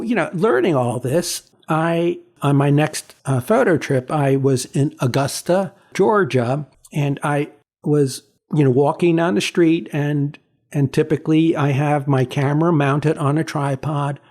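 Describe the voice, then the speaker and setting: A man in his sixties, a photographer being interviewed, telling stories in a halting way with many repeats and fillers. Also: a little high, darkish tone. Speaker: photographer, guest. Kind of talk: reflective storytelling in an interview.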